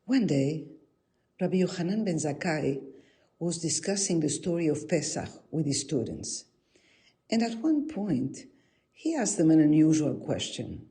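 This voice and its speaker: Husky, expressive woman storyteller. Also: deep voice, unhurried. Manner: expressive, lively. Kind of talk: oral storytelling.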